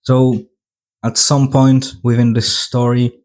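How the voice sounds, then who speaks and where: A man's voice: medium pitch, level tone, takes it slowly, darkish tone. A man retelling a film's plot in a casual retrospective, sarcastic and mocking. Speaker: film reviewer.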